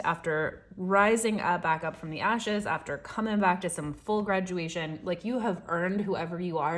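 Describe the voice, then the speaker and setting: A woman giving a casual, encouraging daily tarot reading, chatty and gentle, often checking in with "right?". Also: on the low side. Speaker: tarot reader.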